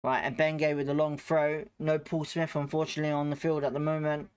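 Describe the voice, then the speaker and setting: A man with a slightly high voice hosts a live football watchalong. He runs excitable play-by-play and reacts loudly to the chances. Between plays he greets the chat viewers in a casual, friendly way. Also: fairly quick, clean tone. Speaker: watchalong host.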